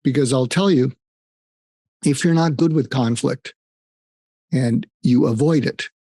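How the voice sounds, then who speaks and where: An older man, appearing as a psychiatrist guest in an interview, gives conversational advice in an earnest, emphatic way, telling stories and repeating phrases for weight. His mid-range voice is warm and unhurried, captured in studio quality with no echo.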